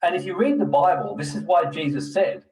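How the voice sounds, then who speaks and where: A man's voice: high-pitched, expressive, brisk, a crowd in the background, low-quality recording. A middle-aged man giving a blunt, preachy motivational talk to a group, swearing freely as he goes. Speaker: personal development speaker.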